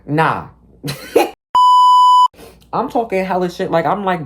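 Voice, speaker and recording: A young man telling a storytime monologue in a rambling, animated way, packed with "like", profanity and slang, acting out the people in his story. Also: on the high side, a little slow, pauses often, heavy background noise. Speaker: vlogger.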